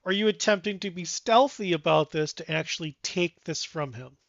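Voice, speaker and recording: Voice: mid-range voice, moderate pace, gravelly, no room sound, lo-fi sound. A game master narrating a tabletop game in a casual, loose way.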